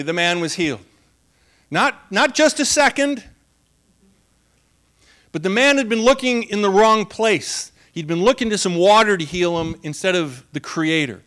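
Male pastor, high voice, chatty and funny, sermon delivery. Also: fairly bright tone. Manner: conversational, humorous, laughs often.

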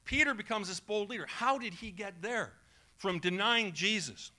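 Animated bright-voiced male pastor. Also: high-pitched, normal speed. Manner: conversational, animated, acts out quoted voices. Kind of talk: sermon.

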